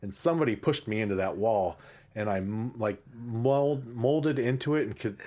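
A man's voice: mid-range voice, moderate pace, warm tone. A man in casual podcast chat, telling a story in a rambling way full of fillers.

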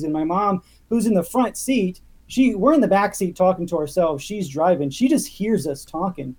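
A young man talking casually as a podcast guest, telling animated stories with many restarts. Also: high-pitched, normal speed, hardly any pauses. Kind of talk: casual chat.

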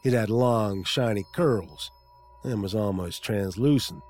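A man's voice: fairly low pitch, a little slow, darkish tone, faint music behind. A man narrating a comic audiobook in a wry storytelling manner.

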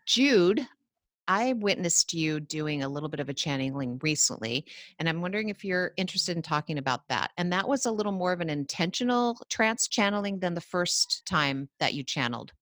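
Woman with a low, dry voice. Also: expressive, moderate pace, fairly bright tone, dry recording. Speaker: podcast co-host, psychic. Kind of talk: casual conversational storytelling.

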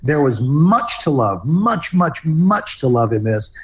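A man's voice: on the high side, very animated, takes it slowly. A man on a podcast talking about music in a passionate, rambling, casual way. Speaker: podcast guest or co-host.

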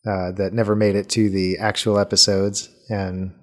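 A man's voice: low voice, level tone, moderate pace. A man in casual chat with friends, talking briefly and in a laid-back way. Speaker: tabletop game player. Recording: noisy background with clicks.

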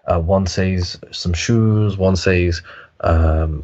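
A man's voice: low-pitched, fairly even intonation, slow pace, darkish tone, highs cut off. A man telling a story in reflective conversation, hesitant and full of fillers and restarts.

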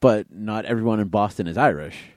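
A man's voice: fairly low pitch, fairly quick, darkish tone, dry recording. A man from Massachusetts co-hosting a casual movie podcast, thoughtful and dry-humored. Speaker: podcast co-host.

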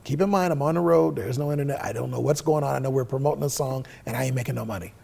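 A man's voice: mid-range voice, racing, gravelly, husky. A middle-aged man telling stories in a casual interview, swearing freely and acting out the dialogue he quotes. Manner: profane, animated storyteller who acts out quoted dialogue. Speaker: interview guest, musician.

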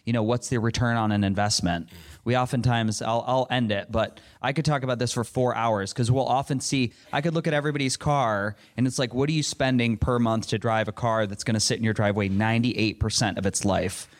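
A man's voice: medium pitch, steady tone, a little fast. A middle-aged man answering a panel question in an earnest, rambling way, with frequent restarts. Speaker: panel speaker.

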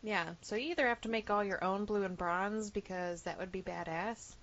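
A woman's voice: mid-range voice, normal speed, fairly bright tone, highs cut off. A woman co-hosting a casual podcast, talking in an emphatic, chatty way and swearing freely. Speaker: podcast co-host. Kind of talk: casual fan podcast chat.

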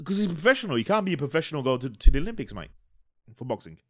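A man co-hosting a casual podcast, teasing and animated, often stumbling over his words. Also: on the high side, racing, a crowd in the background. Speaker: podcast co-host. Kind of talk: casual chat.

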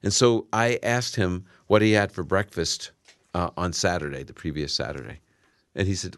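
A man's voice: low voice, moderate pace, a bit bright, no echo. A man who hosts a radio Bible-answer show, chatting casually on air and telling a story about a caller. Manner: storytelling, acting out callers with short quotes.

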